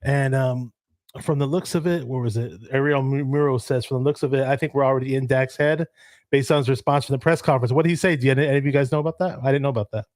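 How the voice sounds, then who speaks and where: Relaxed man hosting a sports talk show, dry sound. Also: mid-range voice, fast, dry recording. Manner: relaxed, many ums and restarts. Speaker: podcast host. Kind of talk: casual sports chat reading viewer comments.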